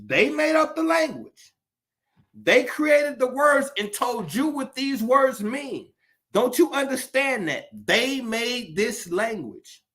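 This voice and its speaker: A man rants with fiery, profane conviction, hammering his points with rhetorical questions. His voice sits high and comes across bright and forceful. He talks like a preacher working up a crowd. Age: adult. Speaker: commentator. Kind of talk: impassioned monologue.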